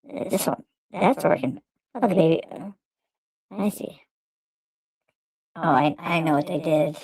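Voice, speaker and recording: A man testing a high-pitched voice changer filter on his livestream. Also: a little slow, gravelly, a little mellow, no room sound, rough recording. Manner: curious, trying out each setting.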